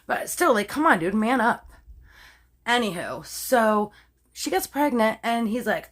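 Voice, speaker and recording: A Canadian woman recounts a true crime case straight to her audience. She talks in a loose, animated, conversational way, with filler words everywhere. She keeps catching herself mid-swear and softening it. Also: medium pitch, unhurried. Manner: chatty, animated, heavy use of "like", self-censoring swears. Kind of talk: casual storytelling to camera.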